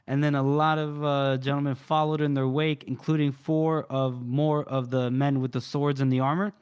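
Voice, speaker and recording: A man co-hosting a book podcast, retelling scenes in an animated, casual way. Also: mid-range voice, normal speed, smooth. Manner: animated retelling, frequent laughs. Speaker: podcast co-host.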